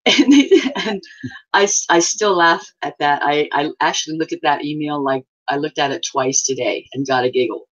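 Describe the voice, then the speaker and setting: A man chatting casually as a fellow channel host, quick and laughing easily. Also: on the high side, fairly even intonation, a bit bright, highs cut off. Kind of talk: casual chat.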